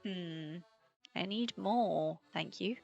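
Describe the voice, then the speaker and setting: A woman's voice: lowish voice, takes it slowly, vocal fry, a little mellow. A young British woman streaming a puzzle game, chatting casually, swearing freely and laughing along with her chat. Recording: slightly dull sound with faint game music.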